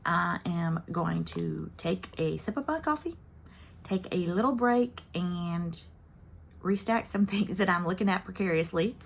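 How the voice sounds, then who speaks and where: Chatty woman in her fifties, low voice. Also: animated, unhurried, creaky, slightly rough. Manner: chatty and rambling, with frequent little laughs. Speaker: cross-stitch channel host. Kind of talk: casual chat to viewers.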